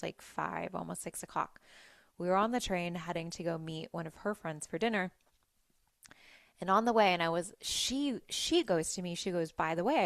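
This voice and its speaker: A woman hosting a podcast, telling a personal story in a chatty, animated way with lots of "like"s. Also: fairly low pitch, dry recording, studio quality. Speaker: podcast host. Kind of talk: casual solo storytelling.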